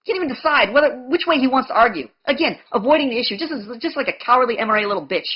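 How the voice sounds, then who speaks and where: Fast, aggressive, mocking woman. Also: on the high side, expressive, husky, muffled recording. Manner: aggressive, mocking, insulting, talks over the other. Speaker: debate host. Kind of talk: heated online debate.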